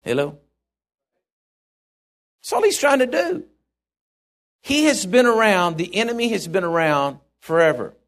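A man's voice: sits high, big pitch swings, measured pace, long pauses, a bit bright. A middle-aged male pastor preaching a sermon, telling stories in a rambling, chuckling way with many restarts.

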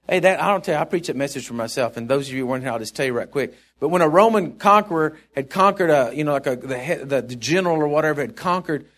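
Chuckling, rambling preacher man with a high voice. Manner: storytelling, rambling with restarts, chuckling. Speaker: pastor. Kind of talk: sermon.

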